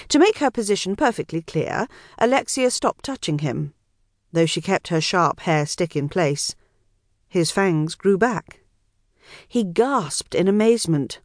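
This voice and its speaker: A woman's voice: on the low side, unhurried, no room sound, clean studio sound. Woman narrating a wry novel. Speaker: audiobook narrator. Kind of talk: scripted narration.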